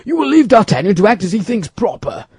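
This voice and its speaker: A man's voice: high voice, sing-song, fast, darkish tone, husky, no echo, studio quality, voice pushed up, full character voice. A man reading an audiobook, voicing a dignified musketeer who speaks firmly.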